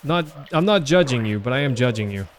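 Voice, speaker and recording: Soft music plays behind a Southern American man with an expressive, mid-range voice who talks a little fast. He's live-streaming a retro game, rambling casually to his chat with many filler words.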